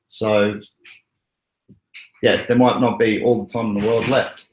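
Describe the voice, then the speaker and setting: A man's voice: on the low side, level tone, a little slow, slight background noise. Rambling Australian man in an echoey room. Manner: rambling, joking, chuckles often. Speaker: crypto livestream host. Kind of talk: casual livestream chat.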